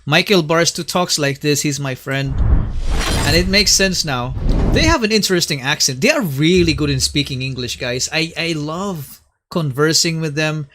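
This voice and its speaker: A man's voice: fairly high pitch, animated, moderate pace, sharp tone, a little hiss or hum. A man hosting a late-night reaction livestream, chatting casually and mixing in Tagalog words. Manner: chatty, mixes in Tagalog phrases.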